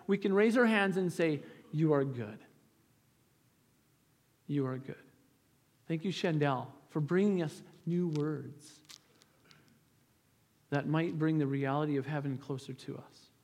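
A male pastor giving an earnest, conversational sermon, often restarting his sentences. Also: high-pitched. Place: church sanctuary. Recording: hall reverb, church sanctuary.

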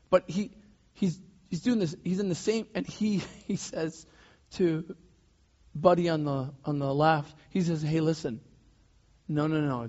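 A man preaching a sermon as pastor, in a loose conversational way with restarts and soft laughs. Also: high voice. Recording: dull lo-fi sound.

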